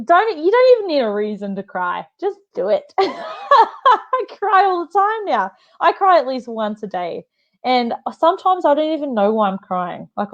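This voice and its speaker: A woman's voice: on the high side, a little mellow, muffled recording. A woman hosting a livestream, chatting with viewers in an effusive, emotional way, often laughing and rambling with fillers. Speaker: livestream host. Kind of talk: live-stream chat with viewers.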